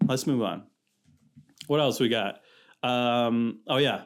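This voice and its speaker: A man's voice: mid-range voice, takes it slowly, over music. A young man from California hosting a solo podcast, chatting casually in a rambling, slangy way that keeps interrupting itself. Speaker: podcast host.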